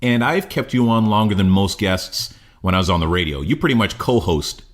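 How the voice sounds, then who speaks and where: A man's voice: lowish voice, animated, a little fast. A man hosting a casual interview, asking blunt, pushy questions. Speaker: interview host.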